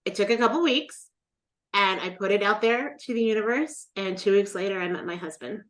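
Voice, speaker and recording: A woman's voice: mid-range voice, brisk. A middle-aged woman telling a personal story as a guest in a casual interview, acting out the voices of the people in it. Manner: animated storyteller, acts out quoted voices.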